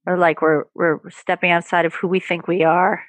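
Woman, podcast guest, candid, animated, fairly low pitch, dry sound. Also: normal speed, no echo. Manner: candid, animated, laughs easily. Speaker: podcast guest, therapist and performer. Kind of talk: casual interview chat.

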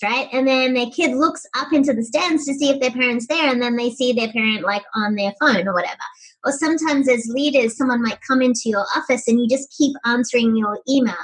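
A woman talking as a podcast guest, telling stories with lively, animated energy. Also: a little high, slightly rough, rough recording. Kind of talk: conversational storytelling.

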